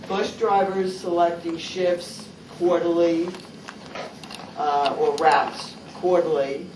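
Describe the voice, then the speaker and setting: A woman's voice: on the low side, steady tone, takes it slowly, slight background noise. A woman in a contract bargaining session, skeptically questioning the other side. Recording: distant, roomy meeting-room recording.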